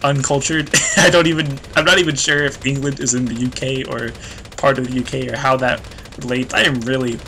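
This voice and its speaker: Rambling young American man, bright voice. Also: mid-range voice, steady tone, a little fast, creaky, slight background noise. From United States. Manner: rambling, self-deprecating, laughs often, many fillers. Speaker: let's play host. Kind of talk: casual gameplay commentary.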